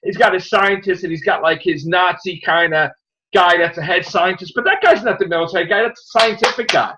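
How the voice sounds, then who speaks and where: Man, podcast host, slightly high voice, casual review chat, rambling animated retelling. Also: a little fast, muffled recording.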